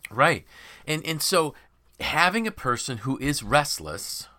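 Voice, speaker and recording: A man hosting a podcast, talking in an emphatic, animated way and voicing imagined people's quotes. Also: fairly high pitch, takes it slowly. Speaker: podcast host and author. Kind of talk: conversational podcast discussion.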